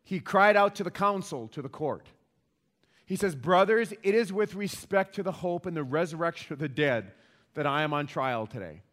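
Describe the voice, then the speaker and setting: A man's voice: on the high side, expressive, moderate pace, fairly bright tone. Emphatic man preaching a sermon. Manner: emphatic, repeats key points, asks the audience questions. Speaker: pastor.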